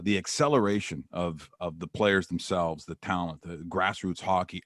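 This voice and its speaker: A middle-aged man hosting a sports radio show, telling rambling stories in an animated way. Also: low-pitched, no room sound, studio quality. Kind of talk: radio interview chat.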